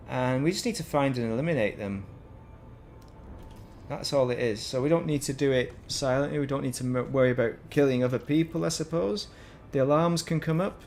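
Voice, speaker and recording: A man's voice: mid-range voice, creaky, a little mellow, slight background noise. A man with a Northern English accent, chatting casually while commentating his gameplay stream and wandering into rambling, self-mocking asides. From Northern England. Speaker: gaming streamer.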